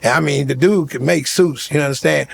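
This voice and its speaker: A middle-aged male comedian telling animated stories in casual chat, shouting punchlines and laughing. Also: on the high side, a little fast, creaky, breathy edge. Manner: loud, shouting punchlines, laughing, acting out voices. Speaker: comedian guest.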